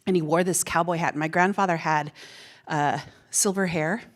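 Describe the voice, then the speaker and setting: A middle-aged woman with a lowish voice speaks to a hall audience at a plenary session. She tells a personal story in a lively, conversational way, often repeating words and laughing softly as she goes. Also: normal speed. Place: university ballroom.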